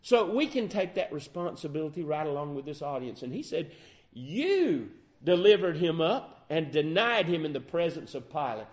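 A man preaching a sermon, quoting scripture and addressing his listeners as brothers and sisters, with swings between loud and soft passages. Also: a little high, normal speed. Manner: lively preaching, quotes scripture, rises and drops in volume.

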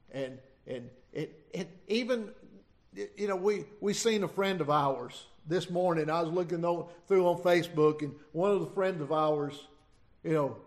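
Man, folksy preacher, slightly high voice, halting delivery. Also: darkish tone. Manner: folksy, halting, many restarts and asides. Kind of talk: informal sermon with scripture reading.

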